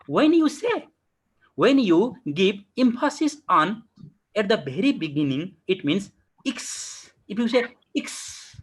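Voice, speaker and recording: A man teaches an online class on English poetry, his voice breathy and lively in pitch as it rises and drops. He poses questions and answers them himself, repeating key words for emphasis over a video call. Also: rough recording.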